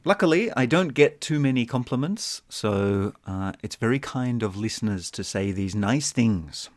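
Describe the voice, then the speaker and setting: A man's voice: medium pitch, animated, normal speed, no echo. A man co-hosting an English-learning podcast, chatting casually and playfully, given to jokes. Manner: playful, jokes and does silly voices. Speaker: podcast co-host and English teacher.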